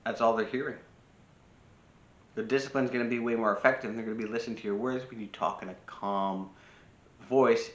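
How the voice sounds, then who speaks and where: A man's voice: mid-range voice, fairly bright tone, echoey room. A man giving casual spoken advice on parenting, talking freely with restarts and acting out short quoted lines. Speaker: personal growth speaker.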